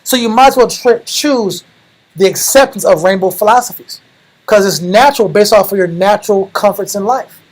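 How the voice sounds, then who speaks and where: A young man preaching a lively, slangy sermon, animated and calling the room bro. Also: high voice, moderate pace, poor audio. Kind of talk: lively street-style sermon.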